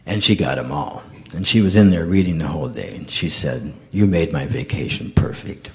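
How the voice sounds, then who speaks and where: Animated male storyteller giving a talk. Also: very deep voice, moderate pace, a little hiss or hum. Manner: animated storyteller acting out dialogue. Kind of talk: storytelling sermon.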